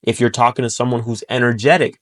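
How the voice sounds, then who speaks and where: A man delivers a motivational monologue at a middle pitch. He talks bluntly, swears freely and drives each point home by saying it again. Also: fairly even intonation, quick pace, fairly bright tone. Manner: blunt and profane, acts out short quoted voices; emphatic, repeats key points. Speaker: self-improvement speaker.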